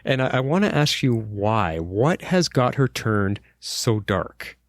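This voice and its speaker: A man's voice: on the low side, slow, dry recording, studio quality. A man co-hosting a podcast, chatting easily and asking his co-host questions. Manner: relaxed, asks questions, short agreeing replies. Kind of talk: casual chat.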